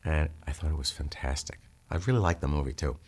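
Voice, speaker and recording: A man talking about film music in an earnest, measured way. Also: a bass voice, breathy edge. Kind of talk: reflective commentary.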